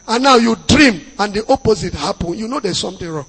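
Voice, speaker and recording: A man with a Nigerian accent preaching as a pastor, dropping into Pidgin asides and bursting into loud emphasis. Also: sits high, animated, fairly quick, slightly rough. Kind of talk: sermon. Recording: long hall reverb.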